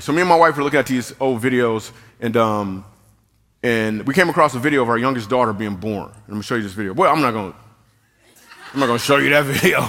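Bright-voiced joking man in a big hall. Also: medium pitch. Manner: playful, jokey, teasing the band. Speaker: church speaker and comedian. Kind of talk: humorous talk to a live church audience. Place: large church auditorium. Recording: long hall reverb.

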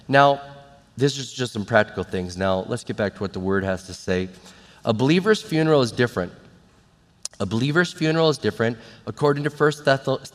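A man preaching a sermon as a pastor, conversational and animated, with casual asides to the congregation. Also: on the high side, in a large hall.

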